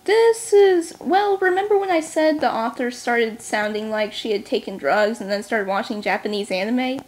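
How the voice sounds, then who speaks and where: A woman with a somewhat high voice talks through a book series in a casual vlog. Her delivery is quick and full of snark, with plenty of sarcastic asides. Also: slight background noise. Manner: talks fast. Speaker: book reviewer.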